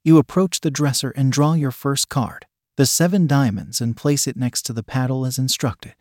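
A man narrating an intimate second-person audio story, with a stern, dominant, low growling delivery. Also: normal speed, darkish tone, no room sound, studio quality.

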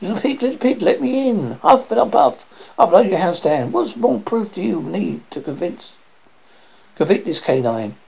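A woman's voice: lowish voice, big pitch swings, moderate pace, vocal fry, slightly rough, pitched above the performer's own voice, exaggerated voice. A woman voicing a stubborn, scornful male pig on a jury, ranting at the others. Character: stubborn loud-mouthed male pig juror. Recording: dull lo-fi recording.

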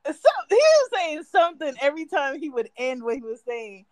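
A woman's voice: high voice, sing-song, a little fast, no echo, low-quality recording. A woman co-hosting a casual podcast, telling stories in an easygoing, wry way. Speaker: podcast co-host.

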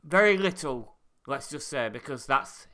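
A man's voice: a little high, expressive, measured pace, bright, forceful tone. A man co-hosting a podcast in casual chat, throwing in dry, sarcastic quips and swearing. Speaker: podcast co-host.

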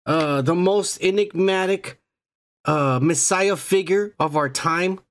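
A man with a high-sitting voice speaks slowly as he hosts a podcast. The casual chat is crude joking banter, full of profanity.

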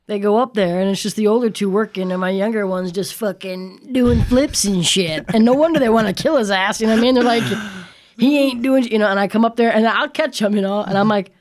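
A woman's voice: mid-range voice, fast talker, hardly any pauses, darkish tone. A woman, a mother of boys, venting bluntly in casual chat, swearing a lot and laughing at her own frustration. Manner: blunt, heavily profane, laughs while venting.

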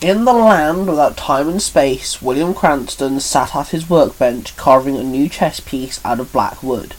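A man's voice: on the high side, low-quality recording. A man reading his own fan story aloud, plain and with small slips.

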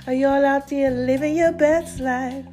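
A woman's voice: high-pitched, a little slow, faint music behind. A woman hosting her own podcast in a casual, playful chat, talking straight to her listeners. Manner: lively, playful, calls listeners "baby" and "y'all". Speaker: podcast host.

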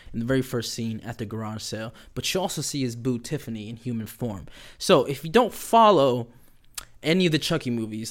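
A man's voice: medium pitch, fairly bright tone. A man recapping a horror series in a casual, profane chat, with lots of fillers and acted-out quotes. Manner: loose and profane, lots of "like" and "you know"; acts out quoted characters while retelling. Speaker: pop culture commentator.

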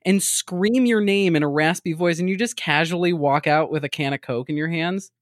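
Mid-pitched voice ranting about a book plot in disbelief, dry close recording. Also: moderate pace, dry recording. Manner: animated, incredulous commentary on the plot. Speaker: podcast co-host. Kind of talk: casual book-recap chat.

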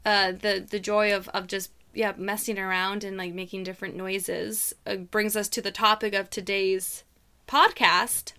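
A woman with a mixed American accent and a slight Southern drawl, co-hosting a podcast in playful, animated casual chat full of fillers. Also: medium pitch, clean tone. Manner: playful, animated, quick to laugh, lots of fillers. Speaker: podcast co-host.

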